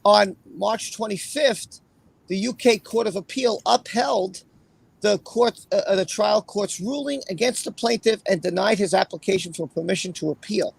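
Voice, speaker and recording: A man hosting a casual livestream with a raspy voice, chatting and then reading a court opinion aloud in a rambling way. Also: sits high, normal speed, no room sound. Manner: rambling, chatty, with fillers and repeated phrases. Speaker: livestream host.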